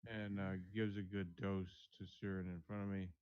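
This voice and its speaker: Male tabletop player, smooth resonant voice, somewhat low, lo-fi. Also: little pitch movement, moderate pace. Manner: hesitant, declaring his character's actions. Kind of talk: tabletop game chat.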